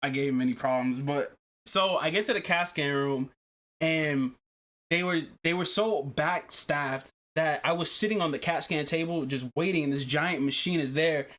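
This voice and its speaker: A man on a casual podcast tells a long story with animated energy, swearing freely and laughing as he goes. His voice sits a little higher than usual for a man. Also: normal speed. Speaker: podcast host.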